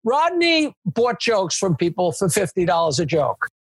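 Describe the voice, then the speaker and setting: An older man, a comedian telling a story in an interview, animated and digressive. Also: high voice, normal speed, creaky, breathy edge, dry recording. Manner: animated, digressive storytelling with swearing and quoted voices. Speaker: comedian, guest.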